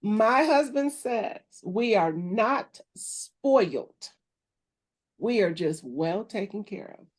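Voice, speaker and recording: A middle-aged woman co-hosting a casual faith chat, talking quickly and playfully with squeaky quoted voices. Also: animated. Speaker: podcast co-host.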